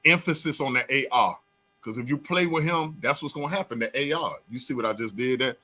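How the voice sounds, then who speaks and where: A young man with a South Florida accent hosts a talk show, sounding hyped and loud as he jumps between shouting and mumbling. His voice is medium-pitched and his delivery brisk.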